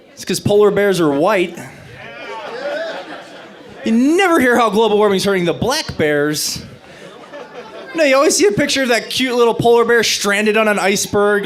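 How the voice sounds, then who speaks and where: A young man doing a stand-up comedy set on stage, delivering dry punchlines between lively bits. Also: sits high.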